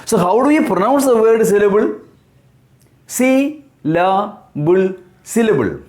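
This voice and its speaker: A man teaching English, explaining words slowly, spelling them out letter by letter and repeating key terms. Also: sits high, very animated, darkish tone. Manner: asks and answers his own questions. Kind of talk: slow explanatory lesson.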